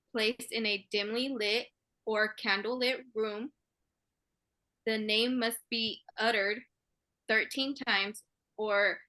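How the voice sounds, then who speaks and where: A woman podcast co-host reading a legend in a slow, measured way. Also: a little high, sharp tone, low-quality recording. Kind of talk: casual chat and reading a legend.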